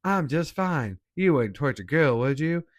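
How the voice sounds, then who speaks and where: A man's voice: on the high side, sing-song, moderate pace, no room sound, studio quality, pitched above the performer's own voice. A man putting on the coy, sing-song voice of a talking female zombie in a cartoonish way.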